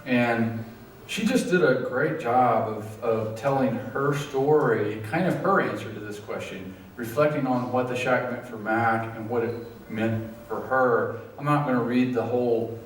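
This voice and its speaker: A man of middle pitch leads a church study group, halting and full of fillers, his voice now and then thick with feeling. He is heard from a distance in a very echoey room, with a faint hum of ambience behind him. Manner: halting, many fillers, gets emotional. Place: church hall. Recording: echoey room, far from mic.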